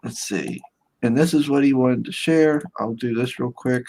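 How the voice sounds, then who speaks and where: A man chatting casually as co-host of an online show. He rambles through chat messages and breaks into laughter often, in an easy middle-pitched voice. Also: moderate pace, darkish tone. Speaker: podcast co-host reading chat.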